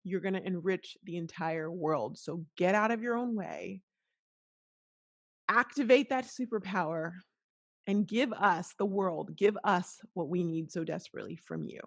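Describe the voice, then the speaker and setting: A middle-aged woman hosts a podcast, talking straight to the listener in an earnest, motivational way. She is openly emotional and often breaks off and restarts her sentences. Her voice sits a little low for a woman. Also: a little slow. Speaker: podcast host. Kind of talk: casual motivational monologue.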